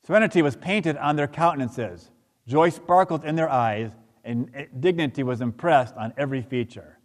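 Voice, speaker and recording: A man's voice: a little high, normal speed. A man reading a dramatic account aloud during a sermon, in a solemn and dramatic manner. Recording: long hall reverb.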